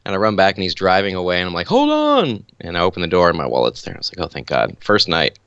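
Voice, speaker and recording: A man on a podcast telling a lively anecdote, acting out the voices he quotes. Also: sits low, rapid-fire, clear, resonant tone, no room sound, dull audio. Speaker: podcast co-host. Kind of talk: casual storytelling chat.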